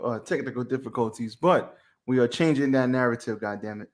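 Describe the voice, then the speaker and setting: A man's voice: mid-range voice, a little fast. A man co-hosting a podcast, telling stories in a laid-back, slangy way. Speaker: podcast co-host. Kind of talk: casual chat, storytelling. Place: home studio on camera.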